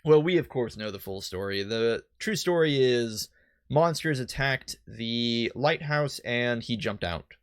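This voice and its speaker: A man's voice: medium pitch, expressive, measured pace, no echo. A man hosting a let's play, chatting casually and reading game text aloud with asides.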